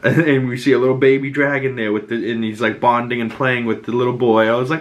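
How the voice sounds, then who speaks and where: A man's voice: mid-range voice, fairly even intonation, brisk, hardly any pauses. A young man hosting a podcast, recapping a TV episode in a loose, profane, filler-heavy casual way. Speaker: podcast host.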